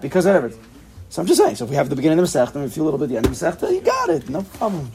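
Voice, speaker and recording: Man, Talmud class teacher, gravelly, slightly high voice, casual questioning. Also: huge pitch swings, racing, background noise. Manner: thinks aloud, asks the class questions, laughs at himself.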